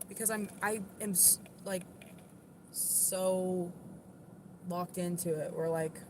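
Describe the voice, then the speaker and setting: This livestreamer is a young Southern US woman with a fairly low-pitched voice, heard over a noisy background. Her casual chat comes across as blunt and defensive, peppered with "like."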